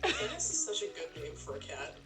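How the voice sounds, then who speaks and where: A woman's voice: sits low, huge pitch swings, fairly quick. A woman co-streaming a game, chatting in a playful, teasing way. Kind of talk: casual gaming stream chat. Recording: distant mic, loud game music.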